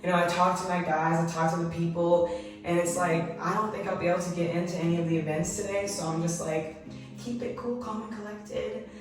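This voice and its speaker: A woman's voice: fairly low pitch, little pitch movement, fast talker, recorded from a distance. Chatty young woman, off-mic in an echoey room. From Maryland, USA. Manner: chatty and upbeat, with many fillers. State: tearful, fighting back crying. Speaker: travel vlogger. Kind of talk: casual vlog talk to camera. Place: hotel room, indoors. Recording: echoey room, voice slightly off-mic, music behind.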